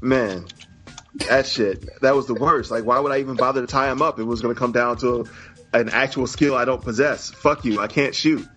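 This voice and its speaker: A man's voice: mid-range voice, moderate pace, fairly bright tone, soft background music. A man co-hosting a podcast in casual, profane, joking chat, laughing often. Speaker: podcast co-host.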